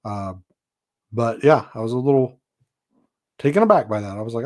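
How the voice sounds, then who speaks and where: A male podcast host at a middle pitch, speaking in a loose, unscripted monologue. He wanders through his points with plenty of "you know" and "uh," and his tone stays blunt and mildly exasperated. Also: expressive, moderate pace, long pauses, a little mellow. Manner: rambling, leans on "you know" and "uh" fillers, frank and exasperated. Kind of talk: casual monologue.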